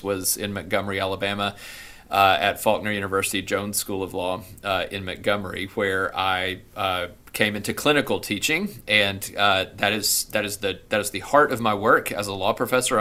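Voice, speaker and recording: A man's voice: lowish voice, pushed and bright. A man in his forties with a Southern US accent, a law professor telling his story as a guest in an interview. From Deep South of the US. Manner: rambling, storytelling delivery. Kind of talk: conversational interview answers.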